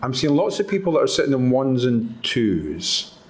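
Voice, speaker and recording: A man's voice: mid-range voice, sing-song, normal speed. A Scottish man giving an engaging live talk at a conference, drawing the audience into participation. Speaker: conference speaker. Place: conference hall.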